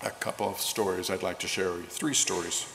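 A man preaching a sermon and leading prayer, slowing down to stress key phrases. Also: sits low, steady tone, creaky, a bit bright, a little hiss or hum. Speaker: pastor. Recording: echoey hall with long reverb.

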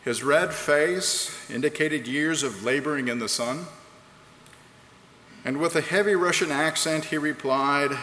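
In a large, echoey hall with faint background noise, a man preaches a sermon in a slightly high, bright, pushed voice. His pace is measured, and he reads quotes aloud in an earnest, rhetorical style.

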